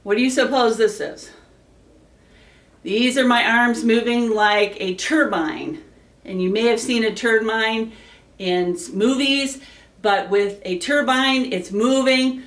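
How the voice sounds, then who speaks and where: A woman energy educator teaching children, explaining each source and leading them through slow rhythmic chants. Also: on the high side, fairly bright tone. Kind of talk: classroom lesson with chants. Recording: echoey room, mic at a distance.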